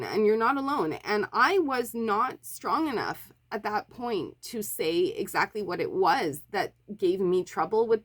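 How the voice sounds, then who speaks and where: A woman's voice: medium pitch, husky. A woman from Montreal, a book vlogger, chatting casually to camera and apologizing often, with lots of fillers and restarts. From Montreal, Canada.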